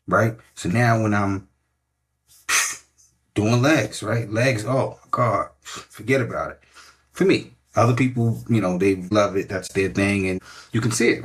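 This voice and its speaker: A middle-aged male coach with a husky, somewhat low voice delivers a motivational podcast talk. He speaks emphatically and repeats his key points, often tagging them with "right?" to check the listener is with him. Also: fairly bright tone. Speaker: fitness coach.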